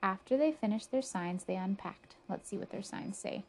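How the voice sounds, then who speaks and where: A woman reading a picture book aloud to a child, gently pausing to ask questions. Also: medium pitch, lively intonation.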